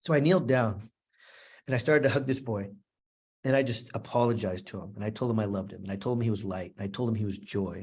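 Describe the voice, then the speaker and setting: Before a live audience in a room, a man gives a motivational talk, recounting a personal story earnestly, emotionally and repetitively. His voice is medium in pitch and a little mellow.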